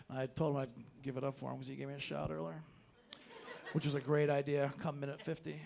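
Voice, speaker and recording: A man's voice: a little high, level tone, moderate pace, vocal fry, pauses often, darkish tone. A man doing a stand-up set in a club, ranting sarcastically and swearing freely. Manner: loose, profane, sarcastic ranting. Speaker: stand-up comedian. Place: comedy club stage.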